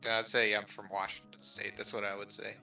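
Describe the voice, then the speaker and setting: A man's voice: fairly low pitch, flat delivery, a little fast, vocal fry, sharp tone, recorded from a distance, soft background music, low-quality recording. A man from South Texas with a strong Southern accent, chatting casually and joking, often laughing and drawing out his filler words. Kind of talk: casual chat.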